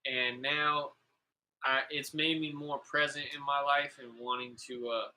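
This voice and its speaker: Laid-back man with a bright voice. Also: medium pitch, level tone, unhurried, rough recording. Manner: laid-back, profane, calls people "bro"; rambling, full of "like" and "you know". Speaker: podcast host. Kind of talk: casual storytelling chat.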